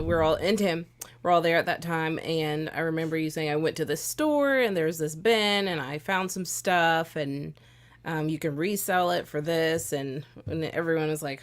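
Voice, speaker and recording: A woman in her thirties, a guest on her husband's podcast, telling stories in a relaxed, teasing way and laughing easily. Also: sits low. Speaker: podcast guest, host's wife. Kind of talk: casual conversational storytelling.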